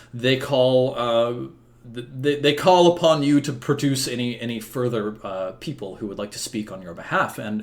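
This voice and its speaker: A man narrating a tabletop role-play game as game master, hesitant, with many restarts. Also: medium pitch. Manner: hesitant, full of restarts and fillers.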